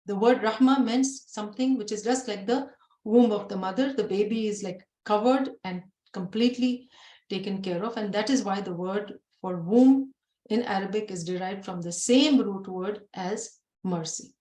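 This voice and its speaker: A woman's voice: mid-range voice, moderate pace, dark tone. A woman giving a religious lesson, explaining patiently with everyday examples and asking rhetorical questions she answers herself. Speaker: Quran teacher. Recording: echoey room.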